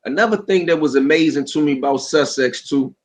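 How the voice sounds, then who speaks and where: A man talking in a relaxed, reflective way as a guest in a casual chat, sharing memories and asking questions. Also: a little high, brisk. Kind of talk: casual conversation.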